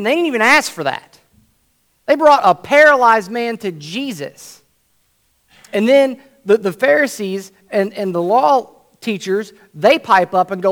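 A man preaching a sermon, retelling a story in an animated way and checking in with "right?". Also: high voice, slow pace. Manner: animated, acts out the scene, frequent "right?".

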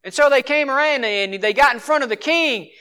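A man preaching a sermon, swinging from forceful exhortation to hushed earnestness. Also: very high voice, brisk, clean tone.

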